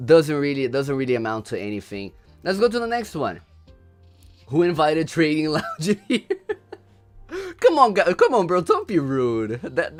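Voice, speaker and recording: A young man from Brazil with a Brazilian accent, hosting a casual livestream, laughing often and repeating himself in slangy chatter. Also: mid-range voice. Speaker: livestream host.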